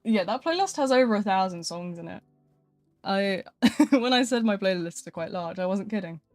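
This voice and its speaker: A woman's voice: medium pitch, animated, moderate pace, darkish tone, no echo, soft background music. Chatty woman streamer, laughing often. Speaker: live streamer. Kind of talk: casual live-stream chat.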